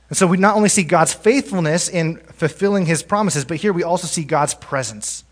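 A man preaching a sermon, his voice sitting a touch high for a man. He swings from energetic, emphatic passages to quiet, hushed lines when he wants a point to land. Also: a little fast, hardly any pauses. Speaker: pastor.

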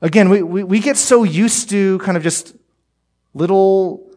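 A man preaching a sermon as pastor, earnest and direct, swinging between emphatic lines and hushed ones. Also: high voice, unhurried. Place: church, streamed online.

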